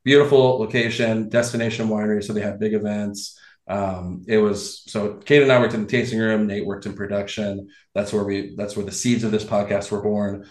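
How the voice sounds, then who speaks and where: Male podcast host, lower voice, animated delivery, roomy echoey recording. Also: a little fast. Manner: animated, laughs often, restarts words. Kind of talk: casual podcast chat. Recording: roomy echo.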